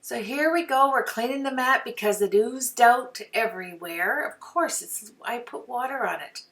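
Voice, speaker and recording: Chatty woman crafting, gravelly, off-mic. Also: fairly high pitch, normal speed, a bit bright, far from the mic. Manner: chatty, talks to herself while working. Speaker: crafting video host. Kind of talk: casual craft tutorial.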